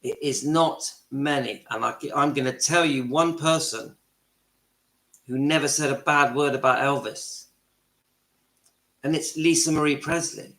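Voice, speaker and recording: A man's voice: medium pitch, measured pace, pauses often, fairly bright tone, roomy sound. A middle-aged man hosting his own channel, delivering an impassioned monologue from home and repeating phrases for emphasis. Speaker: channel host. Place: his home, kitchen and lounge.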